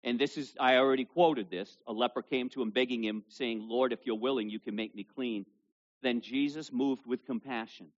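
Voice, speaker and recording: A male pastor preaching a sermon to a congregation with kids present, reading scripture loudly and dropping low for asides. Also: fairly even intonation, normal speed, lo-fi sound. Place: church service with children present.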